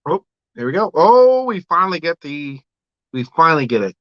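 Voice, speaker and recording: This home brewer's voice sits a little high and is very animated, delivered at a moderate pace on a dry, dull-sounding recording. Hosting a laid-back livestream, he rambles and curses freely while discussing what he plans to brew and responding to viewers.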